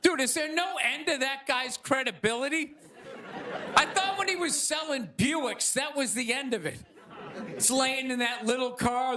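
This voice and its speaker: A man in his fifties with a Boston accent, doing stand-up comedy with a loud, exasperated, ranting delivery on a stage before a live audience. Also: very high-pitched, moderate pace. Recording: live crowd laughter with noisy ambience.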